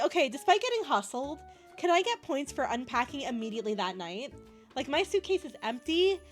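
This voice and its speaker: A bubbly young woman from Canada chatting casually with her stream chat, giggling often and gushing over cute things. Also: sits high.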